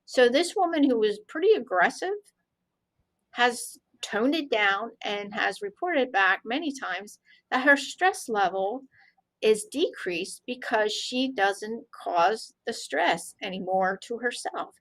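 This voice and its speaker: An animated woman with a somewhat high voice shares stories from her consulting work as an interview guest. She tells them lively, acting out the back-and-forth of conversations with clients. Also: slow pace, rough recording. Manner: animated, recounts conversations in dialogue. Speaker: guest, anti-bullying consultant. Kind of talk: storytelling in an interview.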